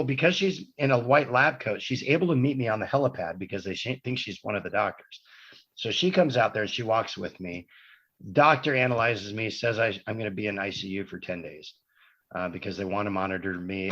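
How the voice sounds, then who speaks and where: A man's voice: lowish voice, fairly bright tone. A man, a podcast guest, telling a long personal story in casual conversation, wandering and correcting himself as he goes. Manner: rambling anecdotal storytelling with self-corrections. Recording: dull lo-fi podcast audio.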